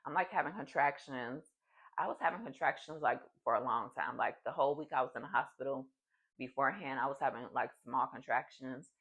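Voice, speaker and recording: A woman's voice: rumbling low, a little fast, breathy edge, poor audio. A young adult woman vlogger telling a personal story in a casual, chatty way, full of fillers. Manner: chatty, animated, many fillers.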